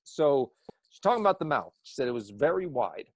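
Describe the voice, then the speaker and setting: A man's voice: mid-range voice, very animated, a little fast, no room sound. A man who works as an eyewitness sketch artist, talking in a casual podcast conversation and rambling with many restarts.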